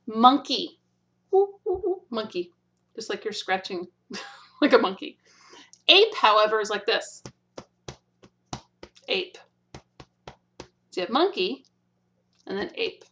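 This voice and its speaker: A woman's voice: mid-range voice, fairly bright tone. A woman teaching signs in a video lesson, patient, demonstrating each one and often checking in with "okay?". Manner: demonstrates slowly, repeating each word. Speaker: sign language teacher.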